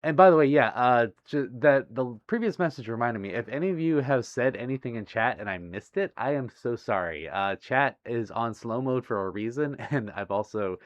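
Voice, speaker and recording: A man livestreaming casually from home, reading viewer messages aloud, giggling often and apologizing warmly. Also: mid-range voice, animated, normal speed, hardly any pauses, no room sound. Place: home, near a busy street. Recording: dry, slightly muffled stream audio.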